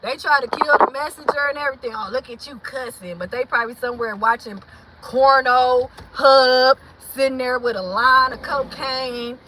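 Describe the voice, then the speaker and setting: Fiery, high-voiced woman preaching on her livestream. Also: steady tone, moderate pace, noisy background. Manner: preachy and emphatic, swinging between shouting and low muttering. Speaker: channel host. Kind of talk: impassioned livestream talk.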